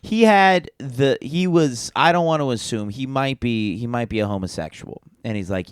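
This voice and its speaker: Man, podcast co-host, rambling storyteller, smooth voice, dry close mic. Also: medium pitch, animated, moderate pace, few pauses, dry recording. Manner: rambling anecdote with filler words and laughs. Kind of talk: casual storytelling chat.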